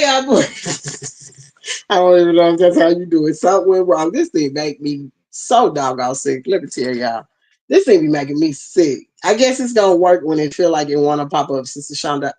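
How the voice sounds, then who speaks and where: A chatty host on a live stream who talks straight to the chat and leans on y'all and ain't. They fuss aloud over technical trouble while teaching a class from a tablet with bone-conduction headphones on. The voice sits at an ordinary middle pitch. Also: expressive, normal speed, a little mellow, low-quality recording. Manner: uses plenty of y'all and ain't.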